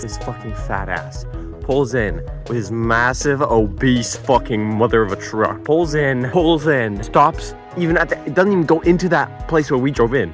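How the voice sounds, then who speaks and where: A young man with a mid-range voice tells a mishap story for laughs, swearing freely and piling on the exaggeration. He narrates over clearly audible background music. His delivery stays animated and comic. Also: medium pitch. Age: young adult. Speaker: vlogger.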